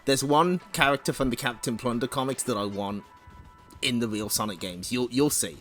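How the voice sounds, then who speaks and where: A man's voice: mid-range voice, normal speed, fairly bright tone, soft background music. A man hosting a casual comic read-along stream, laughing often and making wry asides. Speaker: streamer reading comics aloud.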